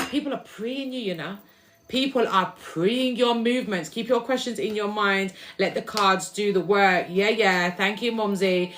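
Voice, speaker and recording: A woman's voice: medium pitch, moderate pace, a bit bright, slight background noise. Chatty woman giving a live card reading. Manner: chatty and rambling, repeats words and restarts. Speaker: tarot reader. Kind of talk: casual live spiritual reading.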